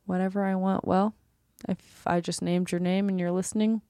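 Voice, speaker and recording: A woman's voice: medium pitch, little pitch movement, moderate pace, mellow, clean tone, dry recording, clean studio sound. A young woman co-hosting a podcast in casual chat, chatty and full of "like" and swearing. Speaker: podcast co-host.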